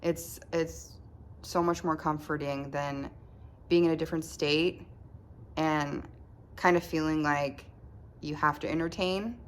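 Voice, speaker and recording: A woman with a low, deep voice talks at home in a casual diary-style vlog. She speaks haltingly, restarting phrases and trailing off. Faint background noise hums under the recording. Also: steady tone. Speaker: vlogger keeping a recovery diary.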